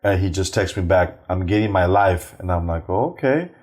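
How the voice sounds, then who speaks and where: A middle-aged male comedian telling profane, animated family stories, acting out the voices of the people in them. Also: low voice, brisk. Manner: animated, acts out quoted voices, swears freely. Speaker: stand-up comedian, guest. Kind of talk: profane anecdotal storytelling.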